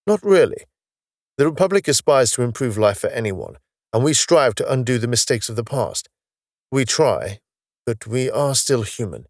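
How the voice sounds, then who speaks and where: A man voicing a calm, knowledgeable male space officer from the far future who patiently explains his world with a wry touch. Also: mid-range voice, moderate pace, dry recording, clean studio sound. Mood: explaining.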